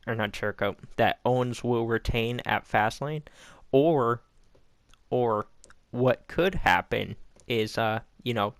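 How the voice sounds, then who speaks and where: A man's voice: medium pitch, fairly bright tone, no room sound, studio quality. A young man casually recapping a wrestling show, rambling with lots of fillers and acting out what people said. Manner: rambling, filler-heavy, acts out quotes.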